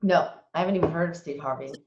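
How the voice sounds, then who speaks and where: A woman's voice: deep voice, rapid-fire, creaky, darkish tone. A woman co-host giving short encouraging replies in a casual chat. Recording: echoey, dull-sounding room.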